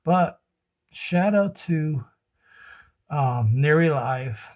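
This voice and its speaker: A man's voice: on the high side, expressive, extremely slow. A man speaking into his phone in an emotional personal vlog, rambling and repeating himself as he vents about his relationships. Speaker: vlogger.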